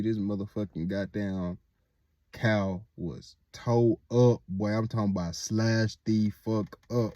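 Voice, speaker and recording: A man's voice: on the low side, dark tone, dry recording, highs cut off. A young man casually telling a story, rambling and full of filler words and swearing.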